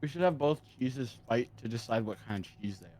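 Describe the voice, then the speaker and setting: A man's voice: medium pitch, animated, brisk, a little mellow. A man from the United States joking and teasing his friends in a casual gaming chat. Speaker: streamer.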